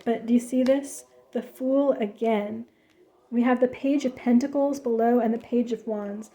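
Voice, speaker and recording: A woman with a fairly high voice gives a casual tarot reading. She talks emphatically and chattily, with many fillers and restarts. Her manner is direct and conversational. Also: steady tone, normal speed, warm tone. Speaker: tarot reader.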